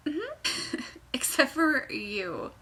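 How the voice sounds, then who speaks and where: A woman's voice: medium pitch, animated, moderate pace, pushed and bright, husky. A young woman chatting through a knitting tutorial at home, bubbly and rambling, with sudden squeals, jokes and whispered asides. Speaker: knitting pattern designer. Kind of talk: chatty craft tutorial vlog. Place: home room by a fireplace.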